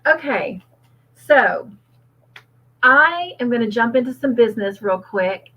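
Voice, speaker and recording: With a slightly high voice and lively intonation, this livestream host takes her time as she reads viewers' comments aloud. Her replies are chatty and warm, full of laughter, though the lo-fi recording sounds a bit dull.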